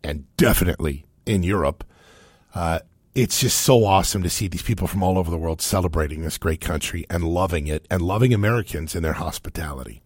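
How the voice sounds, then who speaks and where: A man's voice: low voice, fairly quick, dry recording, clean studio sound. A man from Cincinnati hosting a show, chatting casually and with animation about video clips. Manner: animated, chatty, laughs often. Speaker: host.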